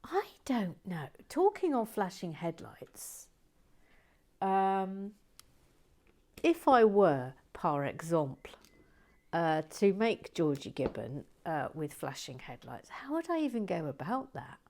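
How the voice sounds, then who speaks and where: Playful woman host chatting as she builds, lowish voice, reads comments aloud, mutters when focused. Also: very animated, slow, a little mellow. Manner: playful, reads viewer comments aloud, drops to murmurs while concentrating. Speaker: host of a brick-building stream. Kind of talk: casual live-stream chat while building.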